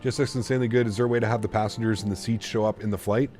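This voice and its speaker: A man's voice: fairly low pitch, fairly even intonation, racing, a little mellow, soft background music. A man chatting casually on a live stream, rambling and reading viewer messages aloud. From Canada. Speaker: flight sim streamer.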